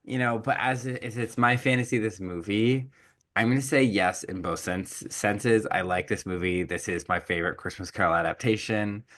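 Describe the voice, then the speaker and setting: A man's voice: lowish voice, moderate pace, a bit bright. A man co-hosting a podcast, talking casually in an earnest, rambling way. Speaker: podcast co-host. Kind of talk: casual chat.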